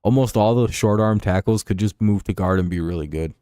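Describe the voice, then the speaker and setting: A man's voice: lowish voice, brisk, mellow, clean tone, dry recording, clean studio sound. A man hosting a casual sports livestream, rambling through profane rants and reading chat. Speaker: sports show host.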